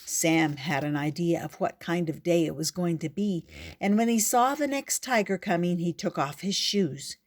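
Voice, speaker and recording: An older woman reading a picture book aloud in a gentle, expressive way. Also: on the low side, normal speed. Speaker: storyteller.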